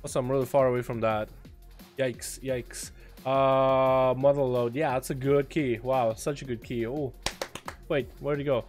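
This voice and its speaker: A man streaming a game, chatting casually to his viewers, profane and excitable with sudden loud outbursts. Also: medium pitch, a little slow, soft background music. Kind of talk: casual livestream commentary.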